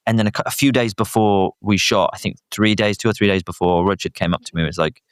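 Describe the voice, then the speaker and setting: A young British man, a guest actor, chatting casually with animated, self-deprecating, rambling stories. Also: fairly low pitch, fast talker, smooth, dry recording, studio quality. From Britain. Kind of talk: casual chat.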